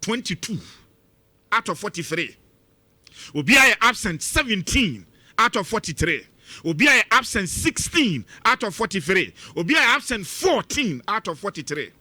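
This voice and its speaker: A Ghanaian man with a Ghanaian accent hosting a radio commentary, talking in an emphatic, lively way. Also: high-pitched, moderate pace, no room sound. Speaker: radio host. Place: radio studio.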